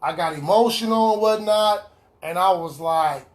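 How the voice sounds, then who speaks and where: Man, fairly high voice, earnest recovery testimony, repeats key lines, video call. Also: moderate pace. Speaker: recovery speaker sharing his story. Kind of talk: personal testimony in an online meeting.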